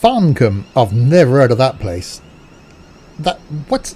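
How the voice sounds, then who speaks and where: A man chats casually through a live game stream, trading jokey, teasing banter with his viewers. His voice is mid-pitched with a mellow, relaxed tone. Faint background noise sits under the speech. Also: takes it slowly. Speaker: streamer playing a train simulator.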